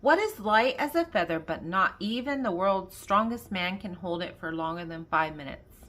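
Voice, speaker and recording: Older woman reading kids' jokes, lively. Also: mid-range voice, normal speed. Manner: reads riddles then answers, laughing at her own jokes. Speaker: children's book reader. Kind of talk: reading a joke book aloud.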